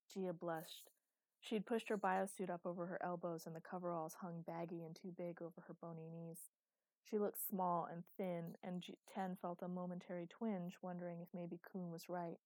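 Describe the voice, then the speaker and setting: A woman reading a science fiction audiobook in a steady, even storytelling manner. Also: on the low side, moderate pace, dry recording. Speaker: audiobook narrator. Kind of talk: scripted narration.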